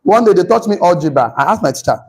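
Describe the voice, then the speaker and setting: A man lecturing a class, animated, repeating himself and putting questions to the room. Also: high-pitched, racing, breathy edge, rough recording.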